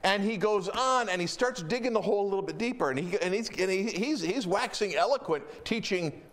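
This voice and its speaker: A middle-aged man preaching a sermon as pastor, telling stories in an animated, emphatic way. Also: high voice, brisk.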